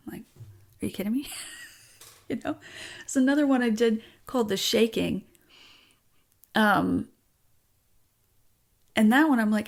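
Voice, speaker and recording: Brief: woman songwriter guest, raw and frank, curses and restarts, unhurried, highish voice. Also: creaky. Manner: frank and emotional, swears, halting restarts. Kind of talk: candid personal conversation.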